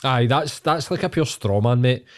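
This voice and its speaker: A man's voice: medium pitch, expressive, moderate pace. Scottish man, podcast co-host, casual chat, ranting, heavy swearing.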